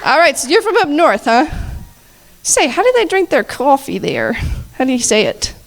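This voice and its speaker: A woman's voice: sits high, huge pitch swings, moderate pace, slight background noise. A woman hosting a chapel-service panel, asking playful, teasing questions on a handheld mic and laughing often. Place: campus chapel gathering. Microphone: handheld mic shared with guests.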